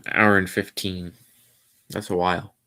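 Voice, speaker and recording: A man hosting his own podcast stream, rambling along casually in a low-key, somewhat mumbly way. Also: flat delivery, moderate pace, sharp tone. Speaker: podcast host. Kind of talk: casual solo livestream chat.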